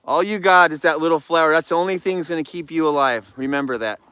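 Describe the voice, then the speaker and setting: A man's voice: fairly high pitch, quick pace, sharp tone, clear, resonant tone, dry recording. A man hosting a livestream from his yard, joking and chatting playfully with viewers. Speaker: livestream host. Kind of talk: casual live chat to viewers.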